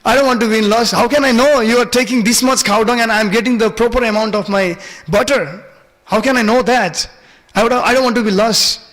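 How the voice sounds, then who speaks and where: A man's voice: extremely high pitch, a little fast, fairly bright tone, voice pushed up. A man playing a bossy mischievous little boy god. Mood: playful haggling. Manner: playful, demanding, haggling. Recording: reverberant temple hall.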